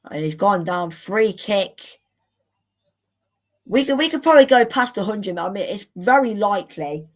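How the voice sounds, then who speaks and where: A woman hosting a live football watchalong, commenting in an excitable, exclamatory way with indignant rants. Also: mid-range voice, a little slow. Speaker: watchalong host.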